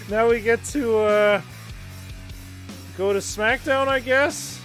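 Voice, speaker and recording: A young man streams a wrestling video game, giving casual commentary full of sarcasm, swearing and muttered asides. His voice is extremely high and fairly bright, and he talks very slowly. Game music plays in the background.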